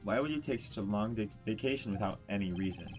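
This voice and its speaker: A man's voice: on the low side, lively intonation, fast talker, close to an everyday voice. A man voicing a determined young defense attorney who presses his case earnestly. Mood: pressing. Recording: voice over loud background music.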